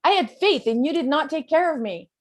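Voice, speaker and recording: A woman's voice: sits high, animated, fairly quick, voice pushed up. A woman voicing a stubborn, indignant man of faith in a told parable, complaining with exasperation.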